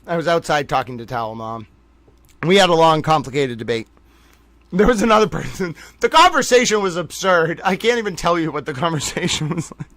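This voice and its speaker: A man's voice: high-pitched, fairly bright tone, no echo. A man hosting a casual livestream, playful and mock-dramatic, often breaking into laughter. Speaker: livestream host.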